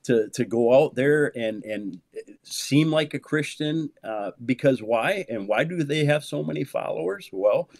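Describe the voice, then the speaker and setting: A pastor in his fifties speaks with real fervor, dropping to low, quiet stretches and then leaping up into loud, high exclamations. He repeats words and throws in "man" to drive points home. His voice sits at a middle pitch, recorded dry and close. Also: animated, measured pace, creaky, dry recording. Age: 50s. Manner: peppers speech with "man", repeats words for emphasis. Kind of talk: animated conversational preaching.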